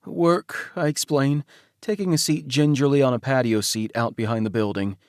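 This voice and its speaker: A man narrating a romance audiobook in first person, intimate and soft-spoken. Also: medium pitch, steady tone, a little fast, dry recording, clean studio sound.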